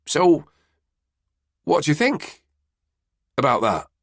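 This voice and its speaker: Guy doing a pushy young reporter, breathless and raised up high, keeps pressing. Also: huge pitch swings, takes it slowly, a bit bright, breathy edge, no echo, studio quality, heavily acted. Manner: persistent, breathless questioning. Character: eager young male journalist, pushy.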